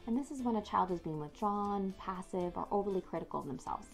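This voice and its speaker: A woman in her thirties, an expert on child development, explaining discipline clearly with the odd filler. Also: mid-range voice, expressive, a little fast, soft background music. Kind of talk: educational talk to camera.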